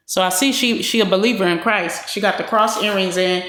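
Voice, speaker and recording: A woman giving casual commentary to her viewers in a loose, slangy way, full of fillers. Her voice sits in a middle pitch. The room around her adds a roomy echo. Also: a little fast, fairly bright tone. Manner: slangy, talks straight to the viewer with lots of fillers.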